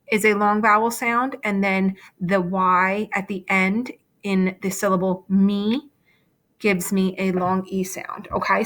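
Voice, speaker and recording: A patient woman teacher walks young learners through a phonics lesson on shared slides, speaking into a computer mic at her desk. She explains each step slowly and keeps checking in with "okay?". Her voice sits at an ordinary middle pitch. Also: a bit bright.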